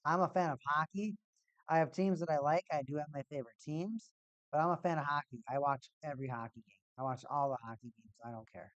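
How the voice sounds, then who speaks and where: A man's voice: on the high side, fast, fairly bright tone, no room sound, highs cut off. A man hosting a live-stream hockey watch party, chatting casually in a rambling, laid-back way and often repeating himself. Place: at home, in a cold room.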